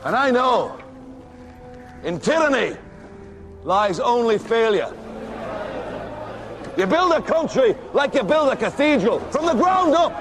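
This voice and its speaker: Defiant medieval outlaw boss, slow big swooping speech, soft score behind. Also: male voice, extremely high pitch, sing-song, over music, exaggerated voice. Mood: rousing. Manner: slow, measured, declamatory. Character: defiant medieval outlaw leader, middle-aged man. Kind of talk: rousing film speech.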